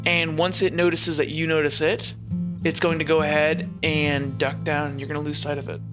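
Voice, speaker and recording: Guy game-mastering a tabletop game, kinda high voice, rambly, muffled with guitar music. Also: flat delivery, normal speed. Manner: casual, rambling with fillers.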